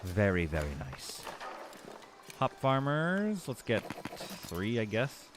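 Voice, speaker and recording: Lively low-voiced streamer man. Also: slow pace, noisy background. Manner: rambling, self-correcting, thinks aloud. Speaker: streamer playing a city-building game. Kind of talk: casual live gameplay commentary.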